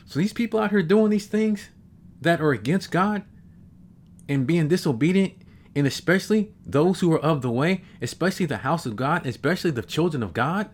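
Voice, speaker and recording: A man in his fifties preaching a sermon, reading scripture slowly and emphatically, repeating verses and adding exclamations. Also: on the high side, expressive.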